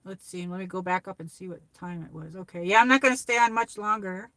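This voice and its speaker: A woman's voice: medium pitch, fairly even intonation, fast talker, pushed and bright, dry recording. A woman from New York with a New York accent hosting a casual livestream chat, rambling and reading viewer comments aloud. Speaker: livestream host. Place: car on a drive.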